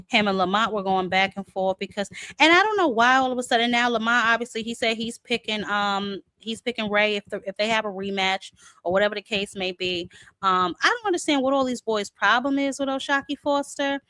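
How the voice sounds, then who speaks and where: A woman's voice: medium pitch, moderate pace, pushed and bright, no room sound. A woman host, giving sassy, chatty boxing commentary full of fillers. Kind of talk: casual commentary.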